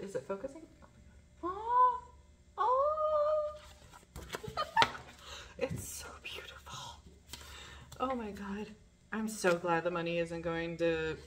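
A woman's voice: medium pitch, a little hiss or hum. A woman chatting casually while unboxing, gushing with breathless exclamations and laughter. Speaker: vlogger. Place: living in a garage.

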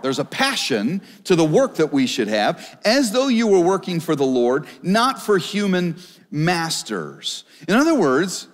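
A man preaching to a congregation in a large church hall, his fairly high voice swinging widely in pitch as he acts out little scenes. The long reverb of the auditorium trails after his words, and he sometimes drops to a quiet murmur before surging back up. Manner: animated preaching with acted-out quotes and dropping to a murmur. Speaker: pastor. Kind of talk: sermon.

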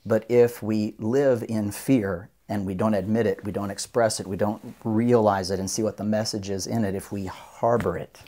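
Speaking in a lowish, mellow voice, a doctor of Oriental medicine describes his work with earnest explanation during a podcast interview. He sometimes imitates the voices of his patients.

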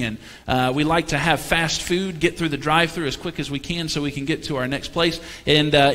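A man preaching a sermon in a church, his fairly high voice ringing out with a long hall reverb. He keeps it conversational, with joking asides and questions tossed to the pews. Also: a bit bright. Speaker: pastor. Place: church sanctuary.

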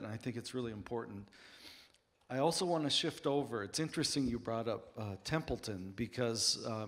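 Man, panel author, earnest storytelling in a mid-pitched voice. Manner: earnest, anecdotal.

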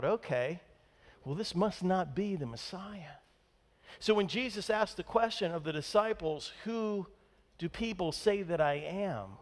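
A male pastor preaching a sermon, animated and peppering the congregation with rhetorical questions. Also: fairly high pitch. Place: church sanctuary. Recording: long church hall reverb.

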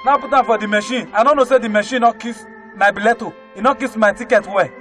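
High-voiced Nigerian comic storyteller. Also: male voice, fairly even intonation, fast, a bit bright, faint music behind. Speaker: comedian.

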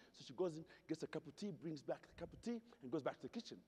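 A man's voice: fairly high pitch, lively intonation, fast, few pauses, a little mellow, slightly rough. A man from Zaire giving a humorous storytelling keynote, playfully asking the audience questions, in a hotel ballroom at a convention. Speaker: keynote speaker. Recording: reverberant convention hall.

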